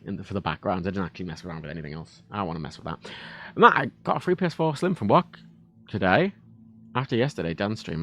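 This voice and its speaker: A man streaming casually, rambling and swearing freely and often cutting himself off mid-sentence. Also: medium pitch. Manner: rambling, sweary, self-interrupting. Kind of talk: casual livestream chat.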